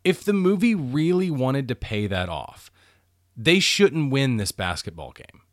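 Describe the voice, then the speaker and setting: A man co-hosting a podcast, chatting casually and analytically about a film, quick to laugh. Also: medium pitch, big pitch swings, dry recording, studio quality. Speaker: podcast co-host. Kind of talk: casual movie commentary chat.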